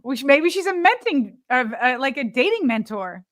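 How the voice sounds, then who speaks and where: A woman co-hosting a podcast, chatting casually, teasing and quick, laughing often. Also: sits high, big pitch swings, no echo, clean studio sound. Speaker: podcast co-host. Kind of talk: casual chat.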